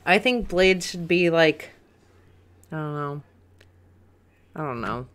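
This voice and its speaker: A woman's voice: deep voice, expressive, slow, a little hiss or hum. A young adult woman co-hosting a casual podcast, reading chat comments with giggles and lots of ums and likes. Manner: giggly, rambling, many "um"s and "like"s.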